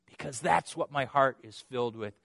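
A man's voice: medium pitch, moderate pace, creaky, fairly bright tone, dry recording, studio quality. A preacher voicing a grateful young woman. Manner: relieved, heartfelt.

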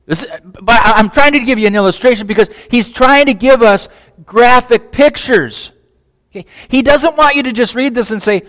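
Animated preacher in an echoing hall. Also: male voice, very high voice, normal speed. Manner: animated, repeats words, asks the audience questions. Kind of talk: sermon. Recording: long hall reverb.

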